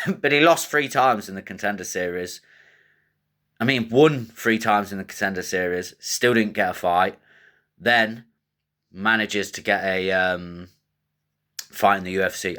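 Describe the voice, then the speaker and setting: A man hosting fight predictions in casual, animated commentary, joking and swearing. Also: on the low side. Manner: animated, joking, crude trash talk.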